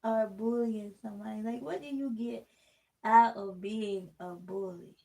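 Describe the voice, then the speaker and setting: Candid woman vlogger with a mellow voice. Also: mid-range voice, unhurried, gravelly, low-quality recording. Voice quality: distinctive voice that people comment on. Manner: candid, rambling, talks straight to the camera. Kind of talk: casual vlog chat while taking out braids.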